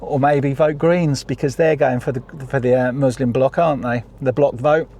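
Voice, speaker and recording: A man's voice: mid-range voice, steady tone, moderate pace, mellow. A man giving a heated, sweary political rant for his vlog while sitting in his car in traffic. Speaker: vlogger.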